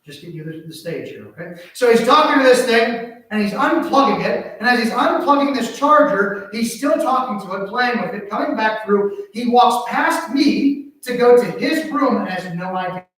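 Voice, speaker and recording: A high-voiced man preaching a sermon in a church, his voice ringing through a very echoey hall. He sounds like he is standing well away from the mic. He tells stories with animated swings between hushed asides and loud exclamations. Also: moderate pace, hardly any pauses, far from the mic. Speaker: pastor. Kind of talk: sermon with personal story. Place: church sanctuary.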